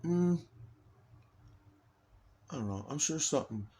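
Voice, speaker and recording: A man's voice: on the high side, animated, a little slow, mellow. A man in an agitated, rambling personal monologue, swearing heavily and restarting his sentences often.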